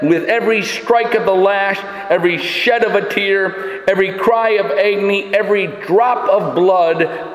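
A man's voice: sits high, unhurried. A male pastor preaching a sermon emphatically, building his points through repeated phrases. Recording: echoey hall.

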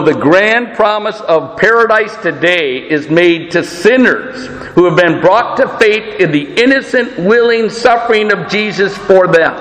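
A male pastor preaching a sermon with emphatic, deliberate delivery, his voice rising and falling. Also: high voice, a bit bright. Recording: echoey church hall with long reverb.

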